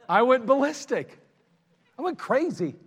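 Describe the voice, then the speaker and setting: A man with a high voice preaches in an animated, chatty way, mocking himself now and then. His pastor's sermon carries a long hall reverb, as if recorded in a church sanctuary. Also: a little slow, slightly rough. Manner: animated, conversational preaching with self-mocking asides.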